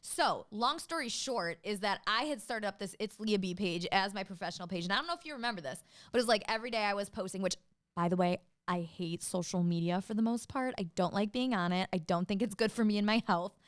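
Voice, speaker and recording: A young adult woman, a podcast guest and business owner, chatting casually, bubbly and quick to laugh, rambling into digressions. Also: medium pitch. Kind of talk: casual chat.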